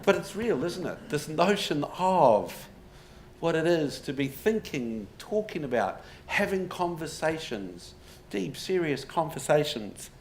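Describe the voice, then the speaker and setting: A man's voice: fairly high pitch, very animated, a little slow. Wry New man lecturing. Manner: storytelling with wry humour and rhetorical questions. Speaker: associate professor giving a public talk. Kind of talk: public lecture. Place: pub before a live audience. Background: audience laughter, faint room noise.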